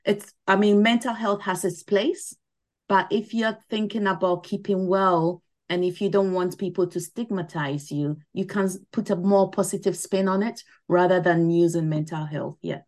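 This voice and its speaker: Her voice sits on the low side, steady in tone and moderate in pace. This middle-aged mental wellness ambassador, appearing as a podcast guest, explains her points earnestly in a relaxed interview and keeps adding "you know."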